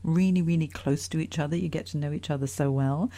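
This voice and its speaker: Lively, mellow-voiced woman podcast host. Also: low voice, quick pace. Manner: lively, enthusiastic questioning. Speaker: podcast host, career coach. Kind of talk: podcast interview.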